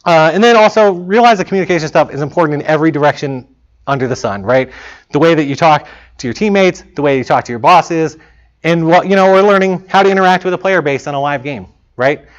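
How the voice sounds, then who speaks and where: A fairly high-voiced man speaks casually to a room of students about working in game development. He keeps it chatty and acts out what he said in past moments. The recording sounds a bit muffled and lo-fi. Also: fast. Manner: casual, chatty, quotes himself in lively asides. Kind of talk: informal talk to students. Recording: dull lo-fi talk recording.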